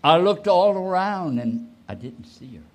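Old guy pastor in his 80s preaching, slow, voice swings up and down a lot. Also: high voice, lively intonation. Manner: slow, with sudden rises and soft trailing endings. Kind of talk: sermon storytelling.

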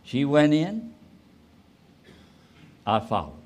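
A man in his eighties, a pastor telling a personal story in a sermon, rising suddenly and trailing off softly. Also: a little high, huge pitch swings. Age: 80s. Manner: slow, with sudden rises and soft trailing endings.

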